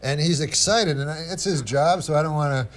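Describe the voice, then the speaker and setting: Male comedy guest, rambling dry anecdote style, slightly high-pitched. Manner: rambling, halting, lots of restarts and asides. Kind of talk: casual anecdote on a talk show.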